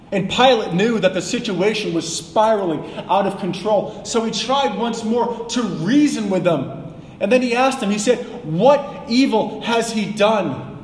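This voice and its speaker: A man preaching a sermon, dramatic and rising to shouts when he quotes a crowd. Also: sits high, a little hiss or hum. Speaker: pastor. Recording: echoey hall with long reverb.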